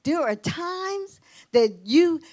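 A middle-aged woman pastor preaching a sermon, telling a personal testimony, dropping to hushed tones and rising to exclamations. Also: very high-pitched, lively intonation, extremely slow. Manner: emotional testimony, shifting between hushed and exclaiming.

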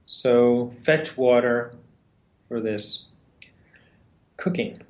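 A cruel, bossy old witch given voice by a man telling the tale. She speaks slowly and plainly, without any theatrical change. The recording is echoey and a little muffled. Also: medium pitch. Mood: commanding. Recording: roomy, slightly dull sound.

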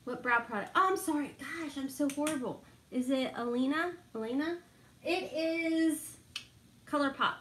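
A middle-aged woman chats with live viewers as she does her makeup. She laughs easily and keeps calling out viewers by name. Her voice sits a little high and rings in an echoey room. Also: moderate pace, fairly bright tone, a little hiss or hum. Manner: chatty, laughs often, reads out viewer names. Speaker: beauty vlogger chatting with live viewers. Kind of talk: casual chat while doing makeup.

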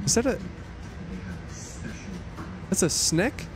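A man streaming himself reacting to video clips, with animated, exclaiming reactions. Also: mid-range voice, a little slow, over loud music.

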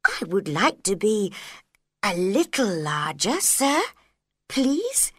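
A woman's voice: mid-range voice, wildly swooping pitch, slow, breathy edge, no echo, clean studio sound, heavily acted. A woman voicing a polite, puzzled little girl in a storybook reading, earnest and courteous.

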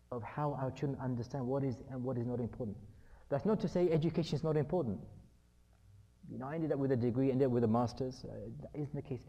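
Mellow-voiced man giving a parenting talk. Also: medium pitch, slightly rough. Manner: acts out everyday family dialogues, repeats key points. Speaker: speaker on parenting. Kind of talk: conversational lecture.

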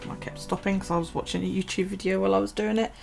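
A woman's voice: mid-range voice, steady tone, rapid-fire, creaky, over music. A woman from the UK, chatting casually in her vlog, tired and yawning, rambling with many ums and restarts. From United Kingdom. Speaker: vlogger. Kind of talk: casual chat over a journaling video.

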